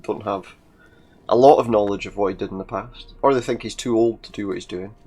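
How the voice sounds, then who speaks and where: A man's voice: fairly low pitch, brisk. A young man casually commenting while playing a video game and reading its dialogue aloud. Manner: casual, chatty, reads character lines in varied voices. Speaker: gameplay commentator.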